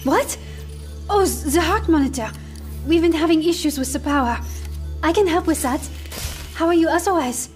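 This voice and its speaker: A woman playing a shy young woman, high voice. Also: a little mellow, soft background music, lightly acted. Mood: flustered. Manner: hesitant, halting. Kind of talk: game cinematic acting.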